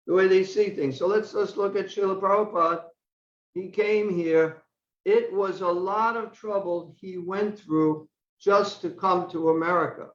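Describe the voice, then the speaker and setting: An older man giving a scripture class in a conversational way, often repeating words as he thinks. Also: high voice. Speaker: class speaker. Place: temple hall. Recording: echoey, dull lo-fi class recording.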